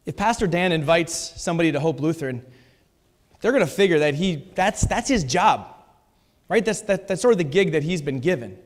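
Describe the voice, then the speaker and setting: In a church sanctuary, a man preaches a sermon emphatically, repeating his key phrases. His fairly high-pitched voice is expressive and fairly quick. The recording carries the long reverb of a church hall.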